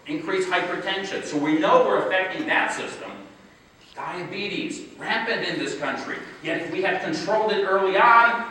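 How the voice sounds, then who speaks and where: A man giving a conference keynote as a public health official, rhetorical and emphatic, often asking the audience "right?" and slowing to stress key words. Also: a little high, pushed and bright, slight background noise. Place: large conference hall. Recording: echoey hall, voice from far off.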